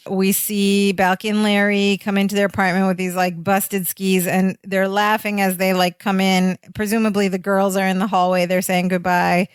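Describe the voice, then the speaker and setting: A woman's voice: mid-range voice, flat delivery, normal speed, few pauses, clean tone, no echo. A woman co-hosting a podcast, chatting casually as she narrates a sitcom scene with frequent "like". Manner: chatty, heavy use of "like", laughs often. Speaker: podcast co-host. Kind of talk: casual chat recapping a sitcom.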